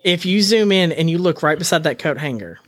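Co-hosting a podcast in casual conversation, a man rants dramatically and laughs at his own frustration, sounding exasperated. His fairly high voice is animated and a bit fast, recorded with studio quality and no echo.

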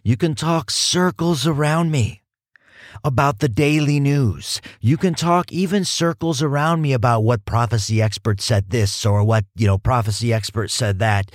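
A man hosting a casual podcast and teaching the Bible, animated and emphatic, often repeating words for stress and poking fun at himself. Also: medium pitch, no room sound, clean studio sound. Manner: animated, self-mocking, emphatic repetition.

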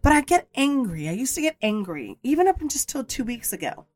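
A woman's voice: sits high, very animated, brisk, darkish tone, dry recording, faint music behind. A woman hosting a podcast, telling a personal story in a candid, emphatic way, repeating her points and sometimes swearing. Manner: blunt, occasionally swears. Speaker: podcast host.

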